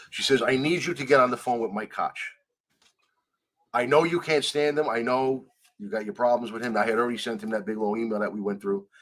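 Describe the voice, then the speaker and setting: Male guest with a medium voice, animated storytelling, quotes others in different voices. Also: medium pitch. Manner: animated, acts out quoted dialogue, swears freely. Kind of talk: storytelling in a conversational interview.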